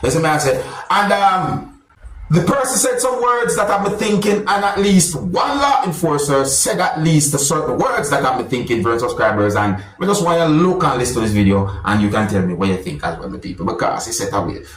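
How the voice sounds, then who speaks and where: A man's voice: fairly high pitch, animated, fairly quick, fairly bright tone, echoey room, slight background noise, low-quality recording. A man hosting a vlog, commenting on a clip in a rambling, hedging way. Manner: rambling, repetitive hedging phrases. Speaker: vlog host commenting on a video. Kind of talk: casual video commentary.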